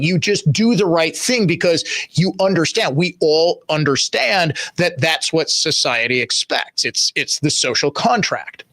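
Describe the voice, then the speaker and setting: A man's voice: on the high side, a bit bright, no echo. A man hosting a radio talk show, delivering an opinionated monologue, emphatic and repeating phrases for stress.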